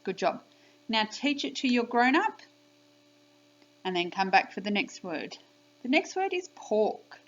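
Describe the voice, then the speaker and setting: Woman, encouraging early-years teacher voice, slow and clear, lo-fi home video audio. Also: medium pitch, big pitch swings. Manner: bright, encouraging, slow and clear, sing-song teacher talk. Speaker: primary school teacher. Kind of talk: recorded spelling lesson for young children.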